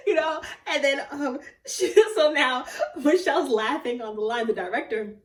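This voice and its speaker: A young woman with a fairly high voice tells a story from her life in a casual vlog. She is animated and often laughs or squeals with excitement. The room is echoey and she sits a little back from the mic. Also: normal speed, far from the mic. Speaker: theatre actor.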